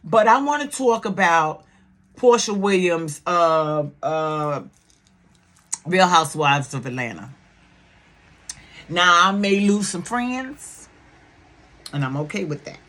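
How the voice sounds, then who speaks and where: A middle-aged woman talks straight to her viewers in a casual vlog. She is loud and blunt and swears freely. Grief over a loss shows at times in her voice. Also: fairly low pitch, expressive, slow, pauses often. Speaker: YouTube reality-TV commentator.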